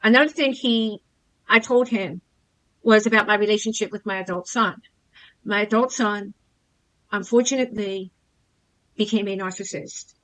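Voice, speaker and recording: A woman's voice: medium pitch, a bit bright, low-quality recording. A middle-aged woman earnestly telling the camera about her experience as a coaching client, often repeating her points. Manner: earnest, repeats herself, emphatic on grievances. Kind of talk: personal testimonial to camera.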